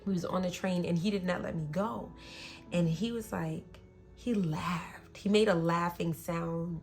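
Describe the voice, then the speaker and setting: A woman podcast host openly recounting an abusive relationship, blunt and emotional, sometimes dropping to a hush and sometimes rising sharply. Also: lowish voice, measured pace, faint music behind. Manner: blunt, emotional, swings between soft and loud. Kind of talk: candid personal storytelling.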